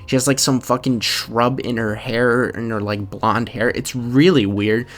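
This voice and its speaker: A man's voice: medium pitch, steady tone, unhurried, soft background music. A man in his twenties telling a story in a rambling, casual rant, full of swearing and fillers. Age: 20s. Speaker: vlogger.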